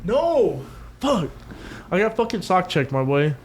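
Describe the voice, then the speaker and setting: Young man, podcast co-host, profane rambling stories, fairly high voice, faint hiss behind. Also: big pitch swings, a little slow. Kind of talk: casual chat.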